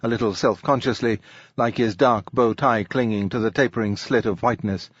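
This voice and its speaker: A man narrating a literary novel in a steady, mid-pitched voice, giving each quoted character a slightly higher voice. The sound is dry and a little dull, as if from a close, plain home recording. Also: brisk, dry recording. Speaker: audiobook narrator. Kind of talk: scripted narration.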